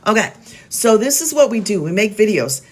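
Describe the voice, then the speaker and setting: A woman's voice: mid-range voice, very animated, normal speed, darkish tone. A middle-aged woman hosting a casual live stream from home, chatty and upbeat, talking straight to her viewers and reading out their names. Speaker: live stream host selling online business programs. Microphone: phone.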